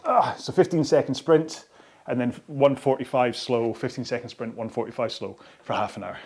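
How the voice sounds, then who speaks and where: A man hosts a live follow-along rowing workout from his home studio, chatty and out of breath between sprints. He speaks at medium pitch and normal speed, his voice a little mellow and slightly rough, through a throat-worn microphone.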